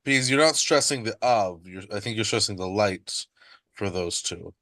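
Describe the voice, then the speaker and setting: A man's voice: on the low side, lively intonation, moderate pace, sharp tone, no echo. A man student in a seminar, thinking aloud hesitantly about which syllables are stressed. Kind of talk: seminar discussion.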